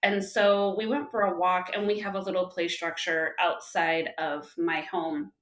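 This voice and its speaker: A woman in her thirties, a podcast guest, talking casually and telling animated stories about home life. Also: lowish voice, a little slow. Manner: animated storytelling, with lively quoted dialogue. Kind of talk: casual conversational interview. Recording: roomy echo.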